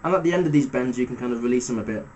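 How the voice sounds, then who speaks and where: A man giving a casual step-by-step guitar lesson, talking through fret numbers in a relaxed way with fillers. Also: medium pitch, very fast, low-quality recording. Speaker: guitar teacher. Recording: loud guitar music under the voice. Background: electric guitar playing between phrases.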